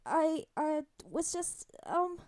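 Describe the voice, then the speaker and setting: A woman voicing an anxious, tearful teenage boy who stammers and apologizes in a soft, shaky voice. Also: sits high, big pitch swings, slow, pitched above the performer's own voice, exaggerated voice. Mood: sheepish.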